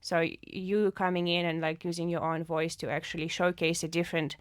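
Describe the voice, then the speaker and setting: Low-voiced woman podcast co-host. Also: little pitch movement, fairly quick, clean tone, no echo, clean studio sound. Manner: joking, earnest when encouraging listeners. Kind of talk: casual chat.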